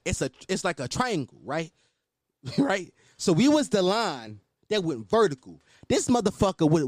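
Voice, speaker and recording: A man's voice: high voice, no echo, studio quality. A man hosting a podcast, telling a story in a casual, profane monologue and often laughing. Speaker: podcast host.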